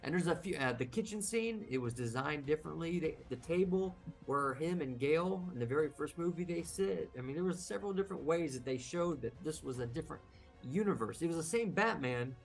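Gravelly man musing on film details. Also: a little high, animated, a little fast, soft background music. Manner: thoughtful, filler-heavy explaining. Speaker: podcast co-host. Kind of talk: casual pop-culture debate.

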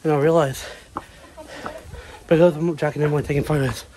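A breathless young man in his twenties talks into his handheld phone outdoors while hauling himself up endless stairs. His voice sits a little high for a man, with a faint hiss of noise behind it, and he rambles and swears between gasps. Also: fairly even intonation, fairly quick, dark tone. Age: 20s. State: out of breath and sweating. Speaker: vlogger. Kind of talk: casual vlog chat to camera. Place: outdoors, climbing long shrine stairways.

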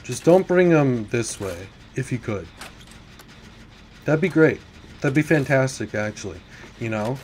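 A man's voice: mid-range voice, expressive, unhurried, pauses often, a little mellow, slight background noise. A man giving casual commentary while playing a horror game. He talks jittery and nervous, slipping from mumbled worry into sudden swearing and sometimes dropping to a whisper. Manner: drops to a whisper at times. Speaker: gaming YouTuber.

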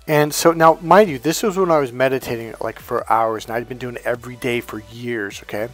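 A man casually telling personal stories to camera, animated and rambling, laughing as he goes. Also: mid-range voice, a little fast, soft background music. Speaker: spiritual coach and video host. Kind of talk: casual storytelling monologue.

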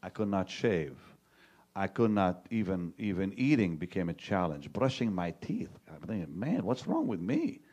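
Man, pastor, deep low voice, middle-aged, preached personal testimony, halting, repeated words, hushed retellings. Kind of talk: testimony preached to a live audience.

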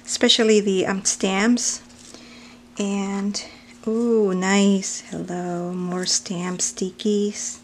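Woman, unboxing vlogger, gushing and gasping, often slipping into a whisper, slow delivery, faint hiss behind. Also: medium pitch, steady tone, a little mellow. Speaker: craft vlogger. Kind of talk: unboxing commentary.

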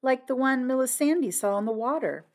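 A woman voicing an impulsive, emotional young woman who speaks in high, eager outbursts in a storybook reading. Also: animated, normal speed, a little mellow.

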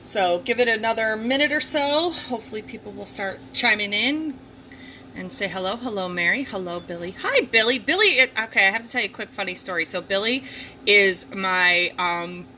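A woman's voice: mid-range voice, expressive, moderate pace, bright, forceful tone, slight background noise, rough recording. Chatty woman hosting a livestream. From Northeast US. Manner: chatty, rambling, greets viewers by name. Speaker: livestream host. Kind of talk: casual livestream chat. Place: home, near a heater and dogs.

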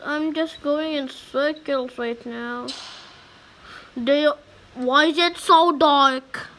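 A woman's voice: high-pitched, sharp tone. A woman gamer giving chatty, exclaiming, slangy commentary as she plays. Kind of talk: casual let's-play commentary.

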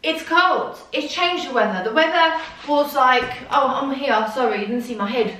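A woman with a slightly high voice talks casually to a camera set up in her bedroom. She is chatty and rambling, drifting off topic and now and then addressing her dogs. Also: moderate pace, sharp tone. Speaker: vlogger. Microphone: camera set up in the room.

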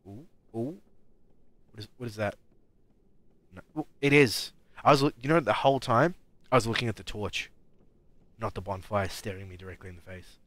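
A man's voice: lowish voice, moderate pace, long pauses, fairly bright tone, no room sound. A man giving rambling live commentary while playing a game, mumbling and talking back at the enemies on screen. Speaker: streamer.

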